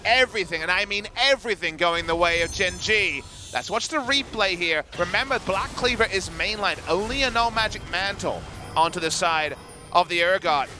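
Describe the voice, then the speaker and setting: A man's voice: sits high, expressive, moderate pace. A man giving playful, analytical color commentary on an esports match. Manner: bright, playful, analytical banter. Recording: game music behind.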